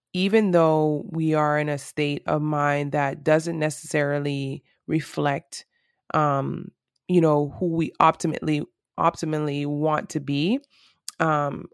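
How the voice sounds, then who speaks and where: A woman's voice: low-pitched, clear, resonant tone, no room sound, studio quality. A woman talking to camera in a casual, reflective monologue, earnest and rambling with lots of fillers.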